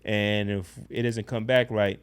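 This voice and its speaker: A man's voice: on the low side, a little slow, clean tone. Blunt, profane man telling a story. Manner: profane, blunt, animated retelling. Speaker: podcast guest. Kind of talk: casual storytelling.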